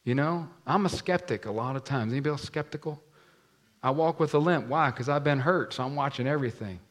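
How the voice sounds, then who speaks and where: A man's voice: medium pitch, brisk. A man preaching a sermon to a congregation, acting out the voices in the scripture story and asking the room questions. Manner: animated, acts out scripture voices, talks to the congregation. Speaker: pastor.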